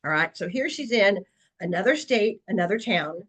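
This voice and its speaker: This real estate agent has a medium-pitched, somewhat bright and husky voice at a moderate pace, captured with poor audio. Presenting a webinar, she recounts a lengthy client story in an earnest, anecdotal manner, using lots of fillers.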